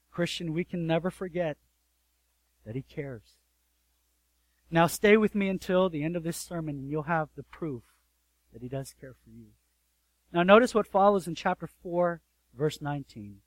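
A man with a high, light voice delivers an earnest sermon in a dry, close room. He swells to loud emphasis, then drops almost to a hush, and keeps turning to his listeners with rhetorical questions. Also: unhurried, long pauses, no room sound, poor audio. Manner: addresses listeners directly, asks rhetorical questions. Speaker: pastor.

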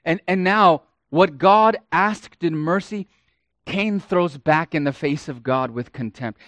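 A man preaching a sermon, dramatic, swinging between hushed and loud and acting out the quotes he reads. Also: on the high side, takes it slowly, no echo.

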